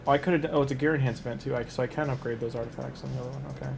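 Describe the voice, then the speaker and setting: A man's voice: medium pitch, steady tone, racing, vocal fry, faint music behind. A man casually commenting a live game stream in a chatty, rambling way, talking to his chat and laughing easily.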